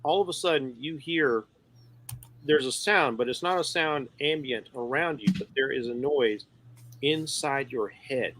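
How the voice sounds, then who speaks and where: A man's voice: medium pitch, unhurried, fairly bright tone, slight background noise. A man playing in an online tabletop game, chatting in a casual, upbeat, rambling way. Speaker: player.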